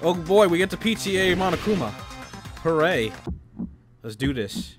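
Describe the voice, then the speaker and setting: A man's voice: high voice, lively intonation, fast. A man casually commentating a game he plays, laughing and reading text aloud. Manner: casual, laughs often, reads text in voices. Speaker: let's play host. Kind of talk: gameplay commentary. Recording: voice over game music.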